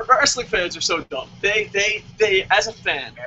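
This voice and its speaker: A man playing a loud, sarcastic wrestling superfan who rants and swears heavily, on a dull lo-fi recording. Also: high voice, lively intonation, moderate pace, crowd noise. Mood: ranting. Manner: ranting, sarcastic, heavy swearing. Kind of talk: comedic rant in character. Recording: dull lo-fi audio.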